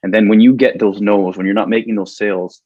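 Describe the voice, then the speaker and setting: A lower-voiced man with a husky edge tells a personal story on a podcast, earnest and animated as he acts out his own past thoughts. The sound is dry and a little dull, with no room around it. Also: fast, no room sound. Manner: earnest, gets emotional telling the story. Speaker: podcast guest, corporate trainer.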